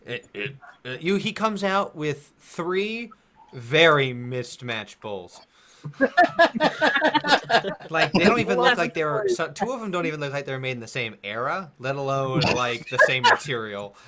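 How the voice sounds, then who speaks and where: A man's voice: mid-range voice, expressive, a little slow, a crowd in the background. A man running a tabletop game as game master, describing scenes in a rambling way and laughing often.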